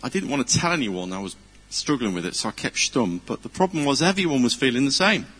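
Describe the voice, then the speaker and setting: A man's voice: mid-range voice, very animated, fast, a bit bright, slightly rough, faint music behind. A middle-aged man, giving an informal, chatty sermon full of personal stories, earnest and self-deprecating. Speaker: preacher. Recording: long hall reverb.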